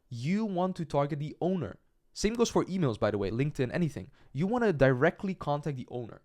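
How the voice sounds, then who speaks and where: A young man coaching on cold calls in a direct, conversational lesson, his voice pitched in an ordinary middle range. He checks in often with short questions and acts out sample phone lines as he goes. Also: a little mellow. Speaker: agency coach. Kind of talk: sales training lesson.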